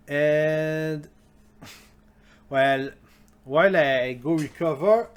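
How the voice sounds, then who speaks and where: Slow, halting man explaining history. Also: on the high side. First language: French. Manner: slow and halting, many restarts and self-corrections. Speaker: history video host. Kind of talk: casual spoken explainer.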